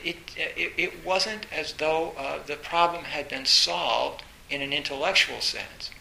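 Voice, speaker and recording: A man with a slightly high, gravelly voice gives an informal dharma talk, halting at first and then growing animated as he tells a story. His tone is sharp and forceful. The room is echoey, with a faint hiss. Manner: halting, storytelling, recounts a film with rising animation. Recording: roomy echo with faint hiss.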